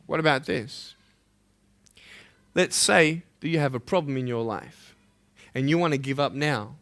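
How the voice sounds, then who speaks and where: Impassioned Australian man, bright voice. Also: mid-range voice, measured pace. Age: 30s. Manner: impassioned, swings from loud pleading to hushed intensity. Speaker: motivational speaker. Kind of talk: motivational school assembly speech.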